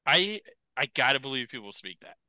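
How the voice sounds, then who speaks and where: A man co-hosting a podcast, chatting casually and telling stories in an animated way, with many "like" fillers. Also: medium pitch, a little fast, no echo. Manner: animated storyteller, lots of "like" fillers. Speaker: podcast co-host. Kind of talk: casual chat.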